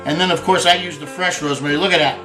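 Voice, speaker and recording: A man's voice: fairly high pitch, steady tone, racing. A man hosting a home cooking demonstration, talking in a folksy, joking way and dropping Italian words. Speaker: cooking show host. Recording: echoey room with faint guitar music.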